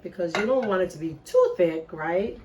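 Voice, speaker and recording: Here the Bahamian cooking host, a middle-aged woman, has a lowish, expressive voice and a moderate pace as she chats casually with her audience. The home-kitchen clip comes from a far-off phone camera, with noise in the background.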